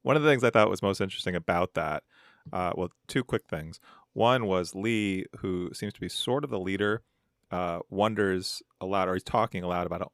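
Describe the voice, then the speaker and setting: A man's voice: low-pitched, normal speed, dry recording, studio quality. A man co-hosting a podcast, walking through his thoughts on a crime series in a rambling, thoughtful way. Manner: thoughtful, rambling, hedging with "like" and "right?". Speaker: podcast co-host. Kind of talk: casual recap chat.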